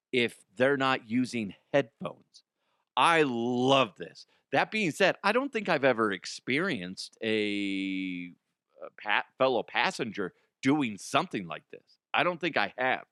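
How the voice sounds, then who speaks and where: Animated joking man, very dry sound. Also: medium pitch, dry recording. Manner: profane, rambling, slips into silly put-on voices. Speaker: comedy news host. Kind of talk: comedic news monologue.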